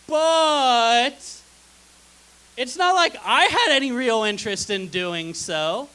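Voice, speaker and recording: A woman's voice: on the high side, big pitch swings, moderate pace, pushed and bright, low-quality recording. A young woman doing a stand-up comedy set on a theater stage, delivering sarcastic, dry punchlines into a stage mic. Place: theater stage before a live audience.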